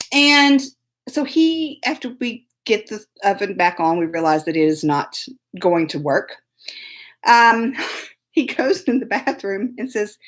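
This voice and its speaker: A woman talks straight to camera, spinning a story in a loose, self-mocking drawl. Her fairly high voice swoops up and down with lots of life. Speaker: host.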